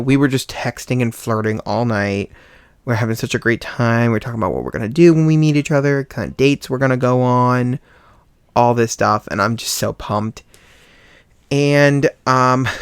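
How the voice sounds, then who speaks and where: A man's voice: mid-range voice, no room sound. Young man telling a story, very dry sound. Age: young adult. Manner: animated, acts out quoted voices with sighs and laughs. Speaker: podcast host. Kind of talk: casual storytelling monologue.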